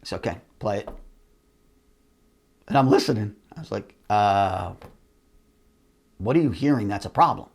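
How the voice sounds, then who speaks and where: A man's voice: lowish voice, moderate pace, vocal fry, pauses often, slightly rough. A middle-aged man hosting a show, telling a story from his career in a casual monologue and acting out the other people in it. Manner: animated, acts out other people's voices. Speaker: host, company CEO.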